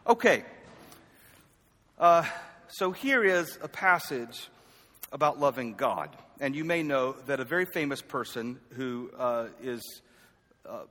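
A man preaching a sermon in a conversational, self-deprecating way, swinging from loud calls to the congregation to quiet asides. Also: mid-range voice, lively intonation, takes it slowly, long pauses. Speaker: pastor. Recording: echoey hall reverb.

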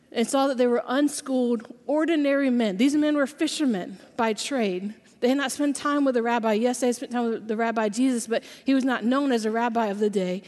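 A woman from South Georgia preaching a sermon at a live chapel service, telling stories and slowing down to stress key phrases. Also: a little high, a little mellow. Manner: storytelling, emphatic slow pauses on key phrases. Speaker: chapel speaker. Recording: live hall reverb.

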